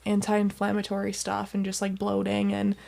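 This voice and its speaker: Young woman guest, mid-pitch, sleepy and rambling, chatty filler-heavy talk. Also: completely flat delivery, normal speed, gravelly, darkish tone. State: just woken up. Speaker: guest, host's fiancée. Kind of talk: casual morning chat.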